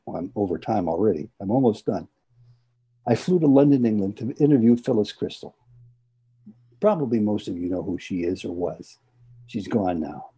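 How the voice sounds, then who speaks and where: A man's voice: lowish voice, dark tone, husky. A man from the United States giving a devotional talk, telling personal stories in an earnest way and repeating phrases for emphasis. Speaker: speaker at a spiritual gathering.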